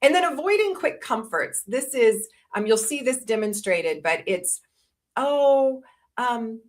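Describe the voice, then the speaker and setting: A woman's voice: on the high side, sing-song, moderate pace. A woman in her fifties presenting a listening course, explaining tips in a casual webinar talk and acting out example lines.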